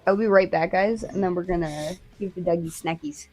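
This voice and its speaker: A woman livestreaming in casual chat with her viewers, animated, swearing freely and talking to her dogs. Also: lowish voice, a little fast.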